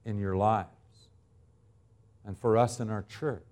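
A man in his fifties preaching a sermon as pastor, swinging between loud emphatic lines and quiet ones, stretching out key words. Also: on the low side, fairly even intonation. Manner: drawn-out, deliberate phrasing on key words.

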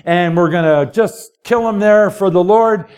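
A man's voice: high voice, a little slow, pitched above the performer's own voice. A man voicing an eager male apostle who talks in slang, pushing a friend to come along on a trip. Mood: excited. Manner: excited, slangy, pushy.

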